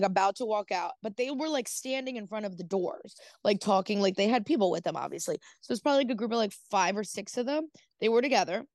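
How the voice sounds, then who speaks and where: A woman podcast host tells a story in loose, casual chat, stacking up "like" and "dude" and cursing offhandedly. Her voice sits at a middling pitch and is recorded dry and close, with no room sound around it. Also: no echo. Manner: rambling, heavy use of "like" and "dude", swears casually.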